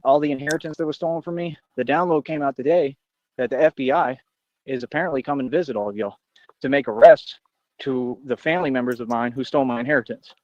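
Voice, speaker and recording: A man rattles off a brash, confrontational rant at a quick clip, bragging and jumping from one grievance to the next. His voice is close and dry with no room around it. The stream audio sounds dull and lo-fi. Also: medium pitch, a little mellow, no echo. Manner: boastful, confrontational, rambling. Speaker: livestreamer. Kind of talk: ranting monologue on a livestream.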